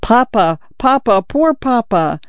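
A man's voice: a little high, steady tone, slow, gravelly, no echo, muffled recording, full character voice. A man voicing a timid young son in his twenties who stammers through tears. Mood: tearful. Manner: stammering, tearful.

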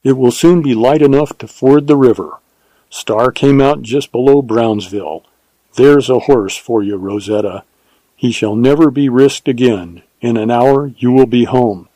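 A man playing a steady frontier ranger. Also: mid-range voice, a little slow, dry recording, close to an everyday voice. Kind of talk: audiobook character reading.

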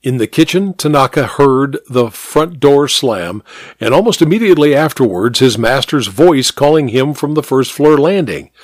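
A man narrating a mystery story in a measured, expressive reading. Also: medium pitch, no room sound, clean studio sound.

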